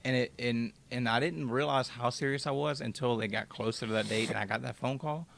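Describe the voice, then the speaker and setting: Podcast guest, male, 20s, gravelly mid voice, candid storyteller with loose language. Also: mid-range voice, fairly even intonation, a little fast, a bit bright, a little hiss or hum. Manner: candid and raw, swears freely. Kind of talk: personal storytelling.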